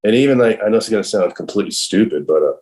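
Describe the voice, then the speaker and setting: A middle-aged man, a professional skateboarder appearing as a podcast guest, tells a long, rambling story in a casual way. He swears freely and leans heavily on "like" and "I'm all." His voice is lowish, expressive and a little mellow, he talks rapid-fire, and the audio quality is poor.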